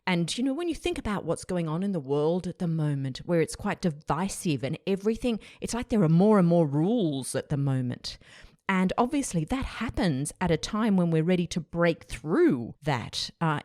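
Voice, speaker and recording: A woman's voice: low-pitched, a little mellow, dry recording, clean studio sound. A woman hosting her own podcast, talking in a chatty, reflective way with frequent light laughs. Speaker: podcast host. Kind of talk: casual solo podcast chat.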